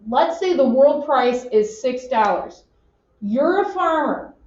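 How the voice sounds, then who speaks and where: A woman teaching an economics class in an animated, joking way, acting out her examples. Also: high-pitched, takes it slowly. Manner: animated, jokey, acts out examples. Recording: roomy, distant, dull classroom audio.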